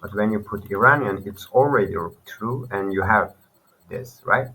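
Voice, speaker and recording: Low-ish voiced guy walking thru code, lots of uh's and restarts. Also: sharp tone, breathy edge, poor audio. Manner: halting, thinking aloud with fillers and restarts. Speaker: programming tutor. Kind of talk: screen-recorded coding tutorial.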